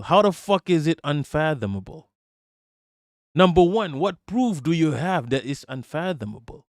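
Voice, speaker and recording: A man's voice: a little high, no room sound, clean studio sound. A young man hosting a live political commentary stream, heated and profane, often stumbling over and restarting his words.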